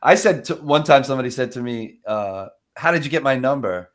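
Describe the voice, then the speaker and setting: A man chatting casually on a podcast about cold calls, animated, laughing often and acting out phone calls in quoted voices. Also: mid-range voice, fairly quick. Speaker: sales development rep.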